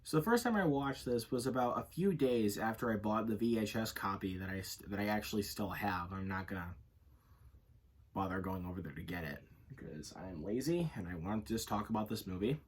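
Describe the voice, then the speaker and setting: A man's voice: on the low side, animated, a little fast, husky. A man giving a casual, unscripted movie review, rambling and correcting himself as he goes. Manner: rambling, self-correcting, leans on filler phrases.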